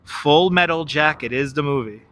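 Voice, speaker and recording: A jokey man on a live stream, laughing a lot and chatting straight to his viewers. His voice sits a bit high and sounds bright and forceful. He is outdoors, talking into a wireless clip-on mic. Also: normal speed. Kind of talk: live-stream walking commentary. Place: outdoors in Manhattan by the river.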